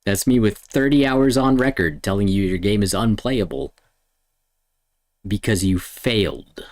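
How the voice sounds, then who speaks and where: A man streaming, ranting angrily and swearing, swinging between loud outbursts and low mutters. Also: measured pace. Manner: heated, swearing, lurching between shouts and mutters. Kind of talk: angry profane rant.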